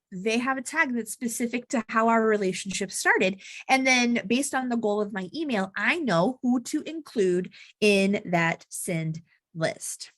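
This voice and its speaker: Woman, chatty, blunt, animated, slightly high voice, dry close sound. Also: dry recording. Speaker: marketing coach. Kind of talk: casual talking-head vlog advice.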